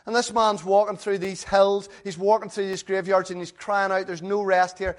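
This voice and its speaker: High-voiced man preaching. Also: level tone, moderate pace. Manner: earnest, conversational preaching with rhetorical questions. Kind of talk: sermon.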